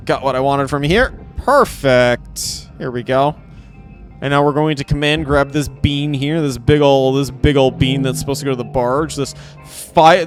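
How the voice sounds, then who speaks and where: A man giving casual live gameplay commentary, playful and rambling, repeating phrases and talking to his chat. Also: medium pitch. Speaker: game streamer.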